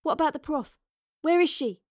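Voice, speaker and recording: A woman voicing an anxious young female officer who speaks higher and stammers under stress, in an audio drama reading. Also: lively intonation, a little fast, no echo, clean studio sound.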